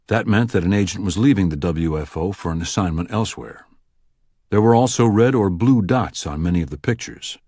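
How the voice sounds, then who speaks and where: A man narrating an audiobook thriller with expressive storytelling. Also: low-pitched, breathy edge, no echo, clean studio sound. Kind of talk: scripted narration.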